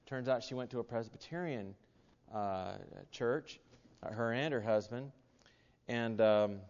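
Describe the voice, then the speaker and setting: A man preaching from the pulpit, rambling into a folksy personal story with plenty of uhs and restarts. His voice sits at an ordinary middle pitch. The sound is muffled and carries a long echo, as if recorded in a big hall. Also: darkish tone. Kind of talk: sermon with personal anecdote. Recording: dull sound in a reverberant hall.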